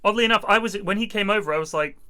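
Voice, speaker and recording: A young English man telling a story casually to friends, with lively voices put on for the people he quotes. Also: high voice, very fast, clear, resonant tone. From England. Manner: animated, acts out voices and sirens in his stories. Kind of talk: casual anecdote with mimicry.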